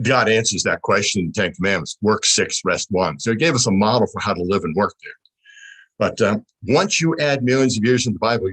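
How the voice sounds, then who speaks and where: Husky low-voiced man teaching on a call. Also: a bit bright, poor audio. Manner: teaching, asks rhetorical questions. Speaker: panel speaker. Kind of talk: explaining in a panel discussion. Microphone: video call.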